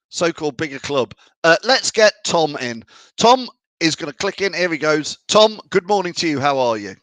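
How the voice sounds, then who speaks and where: A man's voice: on the high side, big pitch swings, moderate pace, fairly bright tone, no echo. A man hosting a fan show, reading out viewer comments and bantering in a chatty way. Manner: chatty, banter-filled, laughs often. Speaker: fan channel show host.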